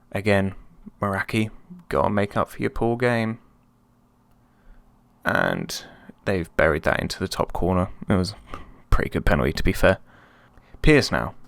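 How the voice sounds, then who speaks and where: In casual gameplay commentary, a man hosting a let's play chats easily about his football management game, swinging from calm talk to excited yelps. His low voice has a gravelly edge, and the audio is dry and close-miked with no surrounding room.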